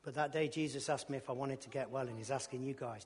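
A man preaching his testimony in a colloquial storytelling way, with bursts of loud enthusiasm. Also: mid-range voice, fast talker, big-room sound. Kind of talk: testimony sermon.

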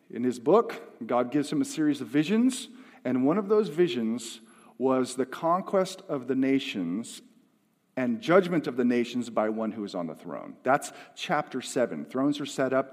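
A male pastor preaching a sermon, moving from hushed, quiet passages to loud, emphatic ones. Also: medium pitch, animated, moderate pace. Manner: dynamic, swings from hushed to emphatic. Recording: long hall reverb.

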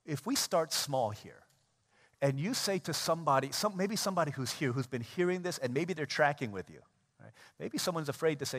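A man preaching a sermon as a pastor, animated and conversational, acting out everyday scenes. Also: fairly high pitch, brisk. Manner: animated, acts out everyday scenes in quoted voices. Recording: long church hall reverb.

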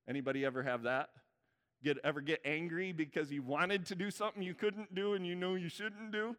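A man preaching a sermon in a conversational way, often checking in with the congregation. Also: sits high. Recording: church hall reverb.

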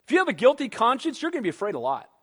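A man preaching a sermon, animated, who acts out quoted voices and calls for amens. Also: very high-pitched, racing, husky. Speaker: pastor. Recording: long hall reverb.

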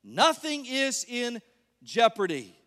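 A man preaching an animated sermon as pastor, joking and asking the congregation questions. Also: very high-pitched, takes it slowly. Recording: long reverb of a large hall.

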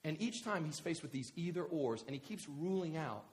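A male pastor preaching a sermon in a casual, conversational way, animated and storytelling. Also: a little high, moderate pace.

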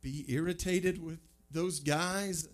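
A pastor preaching a sermon, conversational and emphatic, full of rhetorical questions. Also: male voice, on the high side, steady tone, slow pace, faint music behind.

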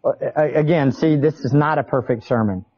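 A man preaching a sermon, chatty and animated, often turning to ask his listeners questions. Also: medium pitch, brisk, lo-fi sound. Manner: animated, conversational, asks the audience questions. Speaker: pastor. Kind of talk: expository sermon.

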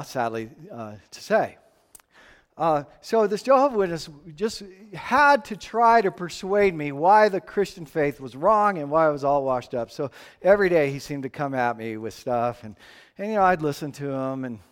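Animated male preacher in a reverberant hall. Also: fairly high pitch, normal speed, clean tone. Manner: animated storytelling, rising and falling, repeated restarts. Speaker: pastor. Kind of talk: sermon with personal story.

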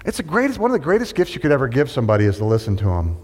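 A man's voice: medium pitch, wildly swooping pitch, rapid-fire, a little mellow, breathy edge. A male pastor preaching a sermon in a church, talking conversationally and joking with the congregation. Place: church sanctuary. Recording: reverberant church hall.

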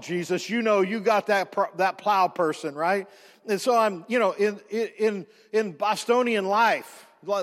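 Man pastor, high voice, animated sermon storytelling, stumbling restarts, long hall reverb.

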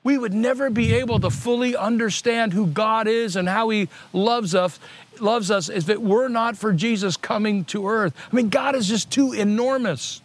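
A man's voice: high-pitched, moderate pace. A middle-aged male pastor preaching a sermon earnestly, restating key points on purpose to drive them home.

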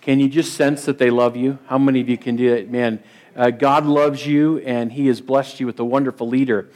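A man's voice: mid-range voice, steady tone, brisk, a little mellow. A man, a district superintendent, opening as guest preacher with upbeat greetings to the congregation. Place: church sanctuary.

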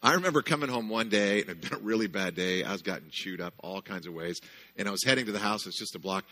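A man preaching a sermon with animated storytelling, often checking in with the audience. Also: fairly low pitch, quick pace.

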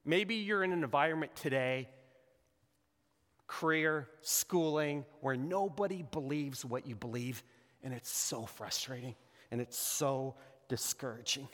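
Animated preacher in a reverberant hall. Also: male voice, mid-range voice, a little slow. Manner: animated, acts out quoted lines in character voices. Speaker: pastor. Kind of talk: sermon.

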